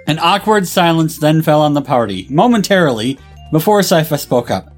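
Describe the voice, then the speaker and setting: Man reading fanfic with lively pitch. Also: normal speed, soft background music. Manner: reads in a put-on gruff Scottish voice. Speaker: fanfic reader.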